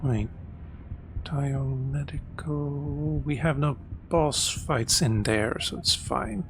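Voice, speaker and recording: A man's voice: medium pitch, takes it slowly, a little hiss or hum. A man giving casual gameplay commentary, thinking aloud with a wry, muttering manner. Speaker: let's play host.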